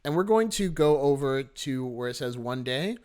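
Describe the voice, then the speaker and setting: A man teaching a software workshop, explaining step by step in a friendly, animated way and stressing key words. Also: fairly high pitch, moderate pace, clean tone. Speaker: workshop instructor. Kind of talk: screen-recorded software tutorial.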